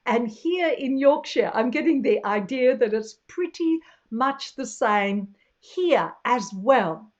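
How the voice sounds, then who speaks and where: A woman in her sixties, a travel vlogger chatting to camera in a chatty, animated way and laughing often. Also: a little high, takes it slowly, lo-fi sound. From Australia. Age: 60s. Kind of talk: casual chat to camera.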